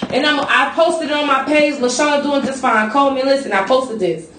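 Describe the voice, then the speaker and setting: Woman cohost ranting blunt and cussy, high voice, faint room hum behind. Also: normal speed, a bit bright, roomy sound, far from the mic. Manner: blunt, profane and fired-up. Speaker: podcast co-host. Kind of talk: casual chat.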